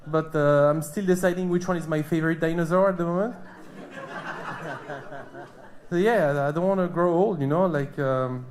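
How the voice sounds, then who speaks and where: A man in his thirties from France with a French accent, performing a stand-up comedy set with a deadpan, hesitant delivery on a club stage. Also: a little high, moderate pace, pauses often. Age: 30s.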